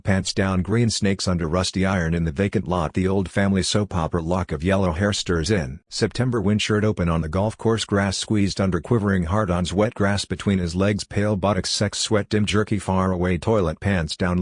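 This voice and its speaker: A man slowly reading his own literary fiction aloud in a deadpan, fragmented recitation. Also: low voice, no echo, studio quality.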